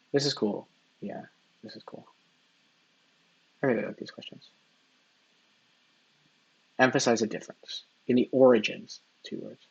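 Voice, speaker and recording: A man working through practice test questions out loud, half-reading and mumbling his reasoning as he goes. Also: fairly low pitch, gravelly, husky, poor audio. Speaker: test-taker and tutor. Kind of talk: think-aloud practice test, muttering while reading.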